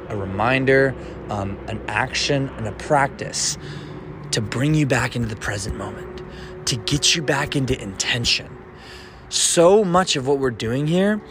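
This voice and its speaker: A man's voice: mid-range voice, noisy background. A man hosting a motivational self-help podcast, talking in a casual, playful coaching way. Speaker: podcast host.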